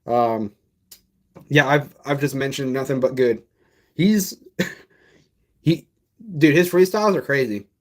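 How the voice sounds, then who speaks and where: A man's voice: medium pitch, slow, long pauses. A young man in casual reaction commentary, talking loosely in slang and laughing often as he reviews a song. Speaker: music reviewer.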